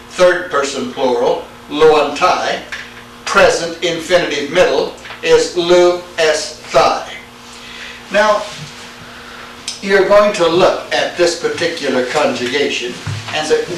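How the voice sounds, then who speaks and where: A man teaching a Greek class, lecturing slowly and quizzing his students as he goes. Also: on the high side, a bit bright. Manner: slow, deliberate, asks the class questions. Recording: echoey room, speaker far from mic, faint hiss.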